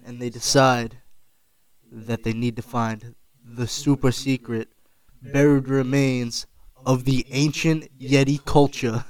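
A man's voice: medium pitch, little pitch movement, takes it slowly, poor audio. Man, podcast co-host, improvised story, mock-serious delivery.

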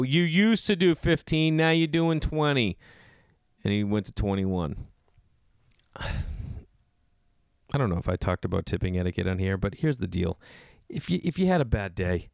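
A man's voice: mid-range voice, no echo, clean studio sound. A male comedian telling casual stories, acting out the people in them with raised, exasperated voices. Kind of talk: casual storytelling.

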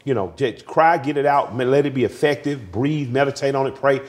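A man in his forties talks openly as an interview guest, his voice in a middling register. He moves between bursts of laughter and hushed, grieving moments, telling his stories in a loose, conversational way. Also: medium pitch, a little fast. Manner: emotional, swinging between laughter and quiet grief. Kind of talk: candid conversational storytelling.

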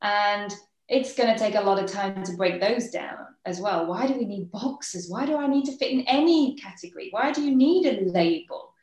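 A woman with an English accent, co-hosting a podcast and talking things through in a reflective, quick way. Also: mid-range voice, lively intonation, darkish tone. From England. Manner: reflective, explains in quick bursts. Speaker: podcast co-host. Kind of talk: casual podcast chat. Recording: roomy echo.

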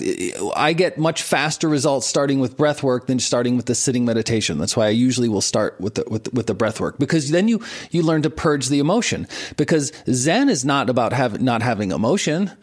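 Chuckling man explaining breath work. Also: medium pitch. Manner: relaxed, chuckles often, repeats words while thinking. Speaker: entrepreneur coach and teacher. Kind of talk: conversational explaining.

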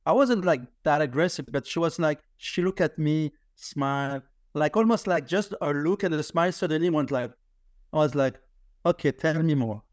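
A man in his fifties, a podcast guest telling a personal story in lively conversation, laughing often and restarting his sentences. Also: a little high, moderate pace, dry recording, studio quality.

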